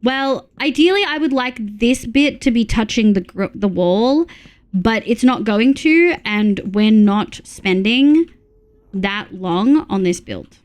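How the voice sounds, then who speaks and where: A woman's voice: on the high side, animated, slow, darkish tone, clean tone. Chatty woman streaming live. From Australia. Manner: chatty, reads chat aloud, frequent laughs. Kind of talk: casual live-stream chat.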